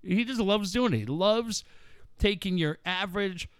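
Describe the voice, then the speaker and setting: This middle-aged radio co-host has a high-sitting voice that's clear and resonant, and he speaks unhurriedly. Storytelling through casual banter, he laughs and swears freely. The recording is dry, with clean studio sound.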